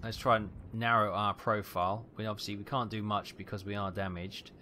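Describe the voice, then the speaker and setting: A man giving tense, excitable live commentary on a naval battle game, calling out ranges and fire orders. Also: fairly low pitch, fairly quick, slight background noise. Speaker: gameplay commentator.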